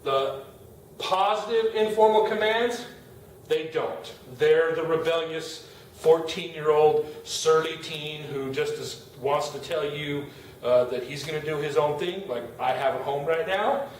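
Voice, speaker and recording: Man, middle-aged, Spanish teacher, casual classroom talk, slightly high voice, echoey room. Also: a little slow. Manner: casual, talks while writing on a board. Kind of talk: classroom grammar explanation. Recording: echoey room, far from the mic, faint noise.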